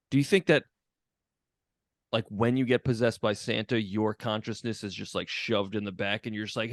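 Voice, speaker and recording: A man's voice: on the low side, dry recording, clean studio sound. A man co-hosting a podcast, chatting casually with crude jokes, swearing and laughter. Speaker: podcast co-host. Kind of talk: casual chat.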